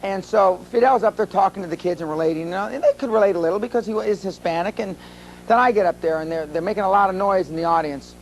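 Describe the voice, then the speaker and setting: A high-pitched older man from the United States addresses a seminar crowd. He tells his stories bluntly and with some profanity. A faint hum runs under the recording. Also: fast, poor audio. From USA. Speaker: seminar speaker. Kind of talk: live seminar talk.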